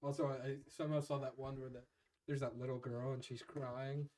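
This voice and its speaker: A man's voice: medium pitch, brisk. A man in casual chat, animatedly retelling funny videos and acting out the people in them. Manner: animated retelling of clips with silly quoted voices. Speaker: co-host.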